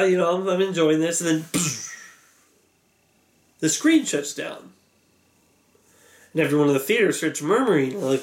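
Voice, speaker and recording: A man vlogger telling an animated, exasperated story, acting out a crowd yelling. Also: high voice, normal speed. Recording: echoey room.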